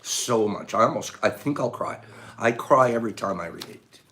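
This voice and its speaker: A man hosting a casual livestream, chatting playfully with viewers and reading their comments aloud, dropping to hushed whispers at times and breaking into loud laughter at others. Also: lowish voice, lively intonation, moderate pace. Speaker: livestream host.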